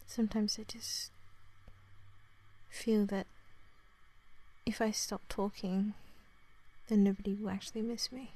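A woman in her twenties with an Australian accent, in a whispered role-play, talking softly to the listener, rambling and apologizing. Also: mid-range voice. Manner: soft-spoken, rambling, apologetic.

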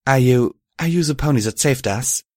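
A man voices a grateful, wide-eyed mare pony who is a mother, acting it lightly and pitching above his own natural voice. The result is medium in pitch and darkish in tone, at normal speed, with a dry, clean studio recording.

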